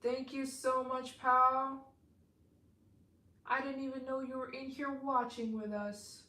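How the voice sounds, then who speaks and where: A woman's voice: sits high, little pitch movement, slow pace, sharp tone, reverberant. A woman live streaming, chatting casually with viewers and thanking them for donations, tired and yawning.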